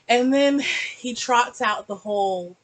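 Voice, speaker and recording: A woman who reviews books and TV chats animatedly in a casual reaction review, slipping into mocking voices, recorded on a laptop mic. Her pitch is fairly high and her pace slow, and the recording is rough.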